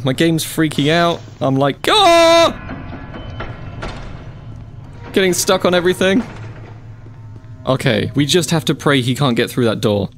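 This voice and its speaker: A man commentating his own gameplay, chatty and easily spooked, with panicked yelps and repeated phrases when scared. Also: fairly high pitch. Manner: jumpy, panicky outbursts and yelps. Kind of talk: let's play commentary.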